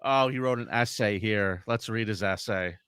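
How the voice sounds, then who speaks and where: A man's voice: on the low side, moderate pace, a bit bright, clean tone, no echo. Joking male podcast co-host, dry sound. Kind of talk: casual podcast chat, reading chat messages.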